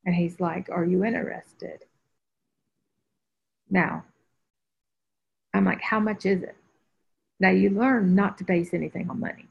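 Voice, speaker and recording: Husky and lowish, with vocal fry, a woman speaks a little slowly and pauses often. As a spiritual teacher on a group video call, she tells a personal story and animatedly acts out quoted voices, all in dull, lo-fi audio.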